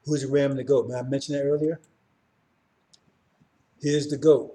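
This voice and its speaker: A man's voice: fairly high pitch, a little slow, long pauses, dark tone. A middle-aged man teaching an informal Bible class in an emphatic way, often asking his listeners "right?" and "see?". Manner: emphatic, keeps checking in with listeners.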